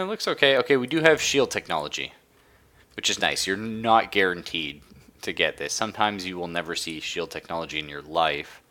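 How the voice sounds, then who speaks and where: Deep-voiced, lively male game streamer. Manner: chatty, enthusiastic, explains as he plays. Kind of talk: casual live gameplay commentary.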